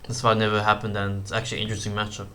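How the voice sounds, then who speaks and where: A man's voice: on the low side, monotone, racing, bright, forceful tone, a little hiss or hum. A young man giving casual commentary as a YouTube host, rambling with fillers and slang.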